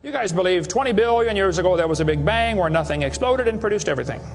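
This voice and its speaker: A man's voice: high voice, animated, fast, in a large hall, faint music behind. A man giving a creationist seminar lecture to an audience, sarcastic and mocking as he tells stories.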